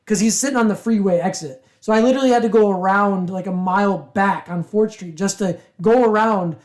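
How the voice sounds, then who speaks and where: A woman co-hosting a podcast, telling an anecdote in animated, casual chat and swearing freely. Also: medium pitch. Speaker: podcast co-host.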